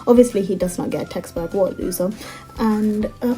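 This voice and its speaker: A young woman with a deep, mellow and very dark tone recaps a manga in a loose, chatty way. She leans on "like" as a filler and adds exasperated asides. Faint music plays behind her. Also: fairly quick. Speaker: manga commentator. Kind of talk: casual recap rant.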